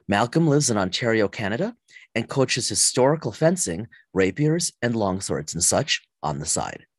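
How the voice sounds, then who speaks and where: Husky man reading an intro bio. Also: on the low side, sing-song, normal speed, no room sound. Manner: read-aloud announcer delivery. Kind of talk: scripted bio read.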